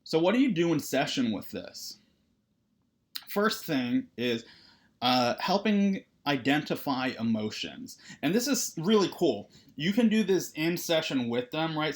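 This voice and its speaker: A man who is a therapist, lecturing on counseling in a loose, conversational way, often checking in with "right?" and filling pauses with "uh". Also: mid-range voice. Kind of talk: recorded lecture.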